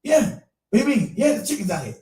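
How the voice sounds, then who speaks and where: Host, male, high and animated, profane storyteller, mic a bit off in a roomy space. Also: quick pace, shouting, recorded from a distance. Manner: profane, laughing, animated retelling with quoted voices. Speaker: show host. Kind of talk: casual storytelling chat.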